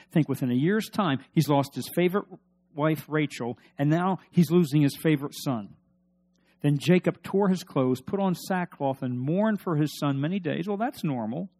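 A man's voice: a little high, expressive, moderate pace, warm tone. A man preaching a sermon, reading scripture aloud and stressing points with questions to his listeners. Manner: emphatic, asks the congregation questions. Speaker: pastor.

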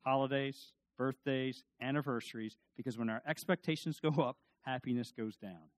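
Folksy, animated male preacher. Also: mid-range voice, normal speed. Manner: folksy, animated storytelling with asides. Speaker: pastor. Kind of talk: sermon.

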